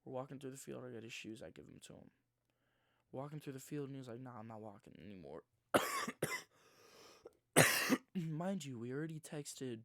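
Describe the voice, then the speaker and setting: A man in his twenties telling a rambling, slangy story in his own words, sometimes dropping into a hushed near-whisper. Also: medium pitch, no room sound. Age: 20s. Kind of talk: casual first-person storytelling.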